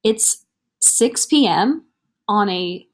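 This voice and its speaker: A woman's voice: medium pitch, animated, very slow. A young woman co-hosting a podcast, chatting casually and telling frank stories with laughter. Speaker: podcast co-host. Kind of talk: casual chat.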